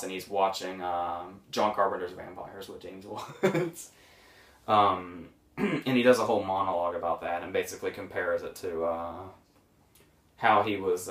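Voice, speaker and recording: A man casually reviewing a film, rambling with many ums and short amused laughs. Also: low-pitched. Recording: roomy echo, mic at a distance.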